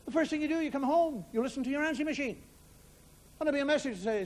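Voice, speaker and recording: A man's voice: very high-pitched, rapid-fire. An Irish man performing a stand-up monologue, telling wry stories with mock outrage. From Ireland. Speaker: stand-up comedian.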